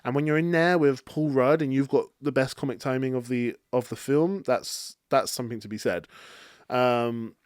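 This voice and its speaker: A man's voice: medium pitch, steady tone, normal speed, a little mellow, clear, resonant tone, dry recording, studio quality. A man hosting a casual solo film review podcast, rambling and chatty with many fillers and restarts. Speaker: podcast host reviewing films.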